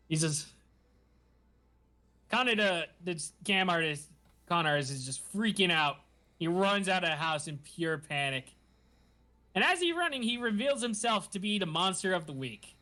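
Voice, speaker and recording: A man hosting a podcast, recapping a show in animated, giggly casual chat. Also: high voice, normal speed, long pauses. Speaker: podcast host.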